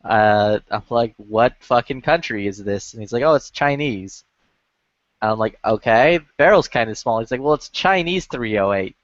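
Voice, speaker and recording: A man's voice: medium pitch, expressive, moderate pace, no room sound. Casual male chatter, swears freely and fills with "like", dull lo-fi chat audio. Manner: profane, rambling, many filler "like"s. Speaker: lobby chat regular.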